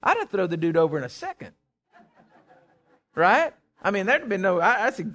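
Guy with a higher voice preaching, chatty and animated, stumbles over his words. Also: normal speed. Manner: conversational, animated, repeats words when excited. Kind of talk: sermon.

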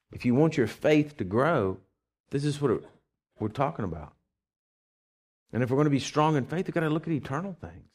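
A man's voice: fairly low pitch, a little mellow. A man who is a pastor, preaching a conversational sermon in a church, with rising bursts of energy.

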